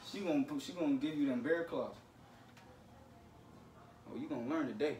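A man's voice: on the high side, a little fast, long pauses, far from the mic, background noise. A man scolding his younger brother in casual talk, lecturing and swinging between stern and joking. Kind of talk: casual prank video talk. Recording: roomy, from off-mic.

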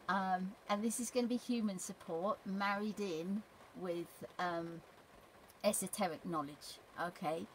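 A woman giving an unscripted spiritual teaching, gentle and halting with many pauses and restarts. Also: fairly low pitch, a little hiss or hum, poor audio.

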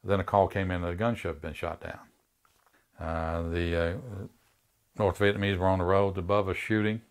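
An older man, a war veteran, haltingly recounting a battle in a documentary interview. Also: sits low, flat delivery, clean tone. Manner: halting, many fillers.

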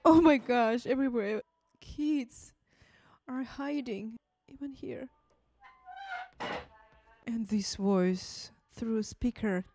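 A woman's voice: fairly high pitch, slow pace, pauses often, background noise. A woman hosting a movie reaction who talks with strong emotion, exclaiming and speaking straight to her viewers. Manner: exclaiming and addressing viewers as guys.

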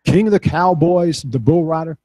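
A man's voice: a little high, normal speed, no room sound. Casting: older man, folksy storyteller, slightly raised voice, dry close sound. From Texas. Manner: folksy, animated when quoting others. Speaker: speaker. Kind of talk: storytelling talk.

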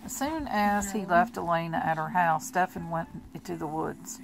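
A woman reading a novel aloud in a plain, steady amateur style with small restarts. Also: on the low side, moderate pace, creaky, background noise. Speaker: audiobook reader.

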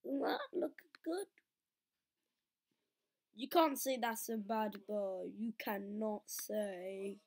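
A woman's voice: mid-range voice, takes it slowly, long pauses, a little mellow. A woman giving playful, chatty commentary while playing a video game, talking to the game characters. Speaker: gameplay commentator. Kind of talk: casual let's-play commentary.

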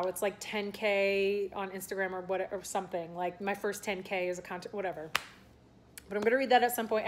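A young woman chatting casually in a vlog, rambling with lots of fillers and restarts. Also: medium pitch. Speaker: vlogger and aspiring content creator. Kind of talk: casual talking-head vlog.

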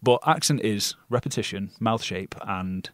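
A British actor telling stories as a guest in a casual interview, blunt and swearing freely. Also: male voice, fairly low pitch, normal speed, dry recording, studio quality. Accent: non-RP British. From Britain.

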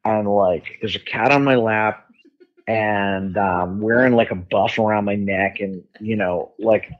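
A man's voice: lowish voice, fairly even intonation, unhurried, phone-quality sound. A middle-aged man, a musician guest on a podcast, telling stories in a candid, rambling way, swearing freely and using many fillers. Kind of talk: casual storytelling chat.

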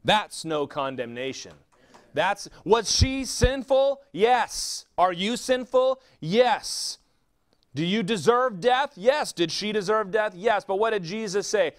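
Male pastor, sermon delivery, a high voice that swings widely, fires off rhetorical questions. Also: animated. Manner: preaching with rhetorical questions and quick answers.

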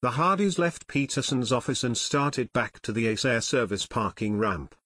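A man's voice: mid-range voice, moderate pace, sharp tone, husky, no room sound. Dry, close male audiobook narrator.

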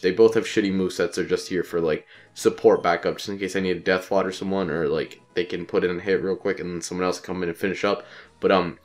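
Congested deep-voiced young gamer guy. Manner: rambling, profane, offhand. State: congested with a cold. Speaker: let's play commentator. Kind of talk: casual gameplay commentary.

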